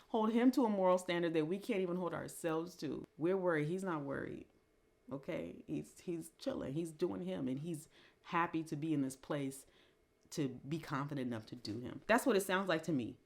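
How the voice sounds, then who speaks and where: A woman vlogger casually reviewing an album, musing reflectively with pauses and restarts. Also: deep voice, vocal fry, darkish tone. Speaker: music commentary vlogger.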